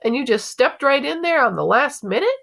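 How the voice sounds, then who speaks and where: A woman's voice: high voice, lively intonation, a little fast, gravelly, fairly bright tone, voice pushed up, heavily acted. A woman voicing a proud, cheerful father who gives hearty, emphatic praise in a story read aloud.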